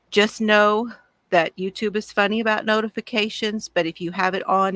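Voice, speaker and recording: A woman's voice: mid-range voice, fairly bright tone, no room sound. A woman hosting a casual crafting livestream, chatty and gushing as she answers viewer comments from home.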